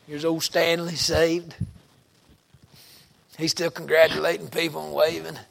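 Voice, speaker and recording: A middle-aged preacher man tells stories from the pulpit in a slightly raised voice. He talks in a folksy, down-home way and punches certain words loudly for emphasis. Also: on the high side, monotone, measured pace, creaky. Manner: folksy, colloquial storytelling with bursts of loud emphasis. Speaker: pastor. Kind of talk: storytelling sermon.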